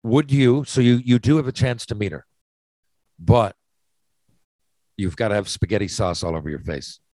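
A man's voice: fairly low pitch, moderate pace, warm tone, no echo, poor audio. Rambling, swearing man hosting a chat. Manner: rambling, restarts, profane. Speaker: podcast host. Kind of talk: casual chat, posing hypothetical questions.

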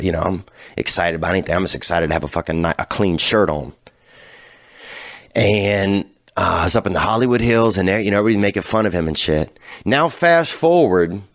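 A man hosting a casual talk show, telling a rambling, profane story that drifts from low mutters to loud hyped bursts. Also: creaky, no echo, studio quality. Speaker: podcast host.

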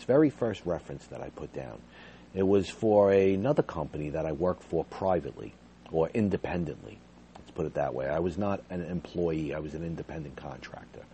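A man's voice: low-pitched, dark tone, a little hiss or hum. A middle-aged man tells viewers a personal story with emphasis, reliving the conversation as he goes. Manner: emphatic, retells dialogue aloud. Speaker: behavior support worker.

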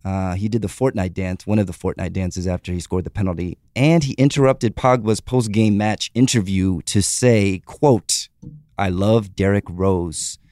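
Man, podcast host, lowish voice, dry close sound, brisk fact-reading. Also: dark tone, no room sound. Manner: brisk, reads off quick facts, chuckles. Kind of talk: casual sports chat.

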